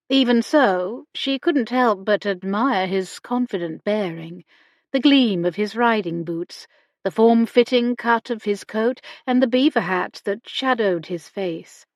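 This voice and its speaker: A woman narrates a novel at a very slow, measured pace. Her voice sits at a middle pitch. It is recorded dry and close, with no room sound. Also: dry recording. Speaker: audiobook narrator. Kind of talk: scripted narration.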